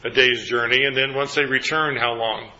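Bright-voiced man leading a Bible study. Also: medium pitch, steady tone, normal speed, lo-fi sound. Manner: asks the group questions, then recaps answers.

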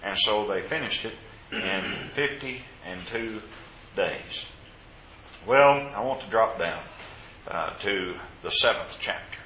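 Leading a Bible class, a man reads scripture and quizzes his students in a bright, forceful voice that sits on the low side, with lively intonation and an unhurried pace. The recording sounds roomy, a little dull and lo-fi, like it was made in a church classroom, with slight background noise.

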